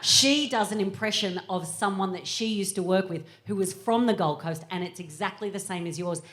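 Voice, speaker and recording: An Australian woman in her thirties, a comedian guest riffing with lively, sweary energy on a live comedy podcast stage. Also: mid-range voice. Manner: animated, sweary, quick to laugh. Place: live stage before an audience.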